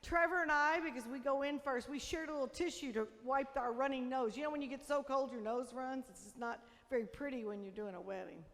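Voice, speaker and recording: High-voiced woman pastor in echoing church. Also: a little fast, few pauses, a bit bright. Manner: chatty storytelling with laughs. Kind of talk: sermon with scripture reading. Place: church sanctuary. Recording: long reverb of a church hall.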